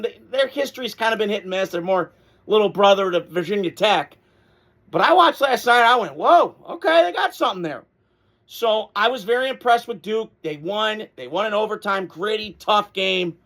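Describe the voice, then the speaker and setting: A man's voice: sits high, fairly bright tone. A man hosting a casual sports reaction video, talking in a blunt, fired-up way and swearing freely.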